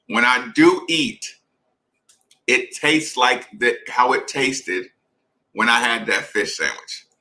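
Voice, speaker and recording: A man telling a long story in a casual, animated way, speaking straight to his listeners. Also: mid-range voice, poor audio. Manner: animated, conversational, addresses listeners directly. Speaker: podcast host.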